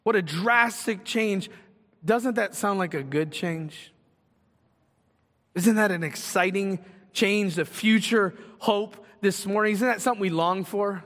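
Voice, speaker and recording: A man preaching a sermon as pastor, animated and full of rhetorical questions. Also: high voice, a little slow, long reverb tail.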